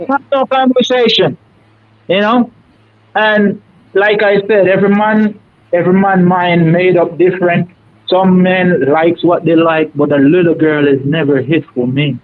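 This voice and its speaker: Over the same thin, dry phone connection, the Jamaican-accented caller keeps a high, steady voice and a measured pace. His story wanders along casually, told with folksy emphasis.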